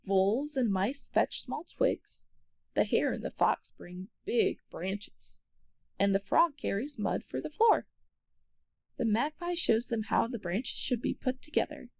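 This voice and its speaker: A woman narrating a children's storybook aloud with expressive storytelling. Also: medium pitch, unhurried, creaky, breathy edge.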